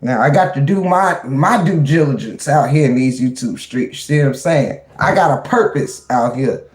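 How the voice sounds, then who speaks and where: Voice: medium pitch, moderate pace, roomy sound. A livestream host chatting casually with viewers, laughing often, turning preachy and motivational, and greeting chat members by name. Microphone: webcam or phone mic.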